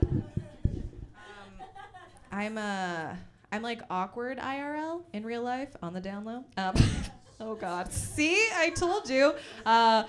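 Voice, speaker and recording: A woman's voice: on the high side, animated, slow, fairly bright tone. A young woman from Calgary doing a self-deprecating, rambling stand-up set at a house party. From Calgary, Canada. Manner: self-deprecating, rambling, full of fillers and giggles. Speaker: stand-up comic.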